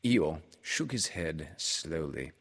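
A man reading a children's storybook aloud, unhurried and expressive. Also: a bass voice, slightly rough. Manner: slow, expressive read-aloud.

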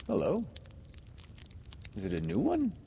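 A man's voice: sits high, wildly swooping pitch, unhurried, vocal fry, voice pushed up, exaggerated voice. Man raising his voice as a cocky, careless boy who never grew up, storybook, echo in the room. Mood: eager, careless. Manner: bright, insistent and careless. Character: eager, self-centred young boy who never grew up. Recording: reverberant room, faint hiss.

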